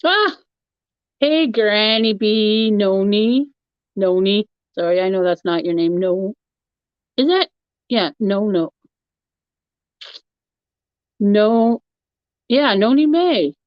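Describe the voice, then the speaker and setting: Woman, live-stream host, easygoing rambler, unhurried delivery, dry lo-fi home recording. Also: medium pitch, lively intonation, clean tone, no room sound. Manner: chatty, rambling, laughs often. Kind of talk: casual chat answering a live chat. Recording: dull, lo-fi, dry sound.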